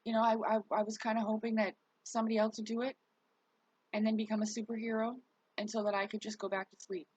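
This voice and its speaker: A woman's voice: a little high, little pitch movement, quick pace, darkish tone, no echo, rough recording. A worn-out woman talking candidly to her viewers in a rambling, casual vlog, cursing now and then. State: worn out, recovering. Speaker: vlogger.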